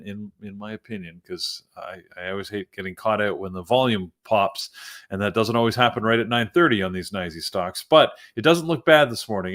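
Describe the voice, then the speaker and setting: On a live trading show, a man with a lowish, fairly bright voice comments on the market. He talks through stock moves loosely, thinking aloud and using plenty of fillers.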